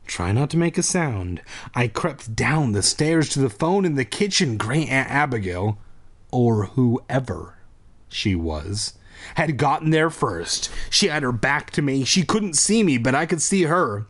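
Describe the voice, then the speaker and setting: A man's voice: on the high side, normal speed. A man hosting a comedy podcast, reading a kids' horror book aloud with crude, joking asides. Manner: animated, swings from mock-spooky narration to crude jokes.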